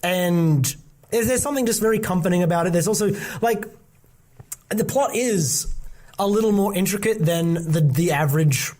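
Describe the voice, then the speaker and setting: Rambling young man, slightly high voice. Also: normal speed, a little mellow. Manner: rambling, many fillers and restarts. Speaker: podcast co-host. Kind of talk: casual chat.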